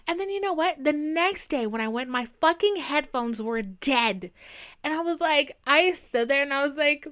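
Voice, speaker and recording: A young woman hosting a podcast, telling stories in a casual, animated monologue that swings from low murmurs to excited bursts. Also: normal speed. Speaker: podcast host.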